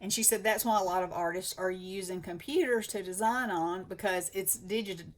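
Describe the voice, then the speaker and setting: A woman's voice: medium pitch, normal speed, a little hiss or hum. A woman with a Southern US accent chatting enthusiastically as host of a craft channel. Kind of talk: casual chat.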